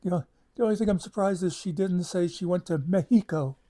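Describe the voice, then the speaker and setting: Brief: male storyteller, rambling and chatty, slightly higher pitch. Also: fairly even intonation, quick pace, warm tone. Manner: rambling, chatty, with many asides and fillers. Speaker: channel host. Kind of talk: casual storytelling.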